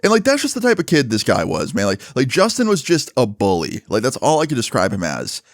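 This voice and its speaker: A man casually telling a story from his school days, animated and swearing freely with lots of fillers. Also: medium pitch, brisk, no echo, clean studio sound.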